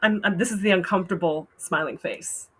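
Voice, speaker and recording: A woman's voice: on the low side, a little fast, fairly bright tone, slightly rough. A woman hosting a casual advice talk, frank and blunt, often laughing as she reads out posts. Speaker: host giving advice.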